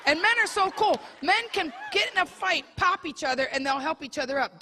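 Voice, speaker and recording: A woman's voice: very high-pitched, lively intonation, a little fast, hardly any pauses. A woman comedian performing a bawdy stand-up set live, teasing the audience members. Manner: brash, bawdy, crowd-teasing delivery. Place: comedy club stage. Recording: live club set with loud crowd laughter and noise. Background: crowd laughing.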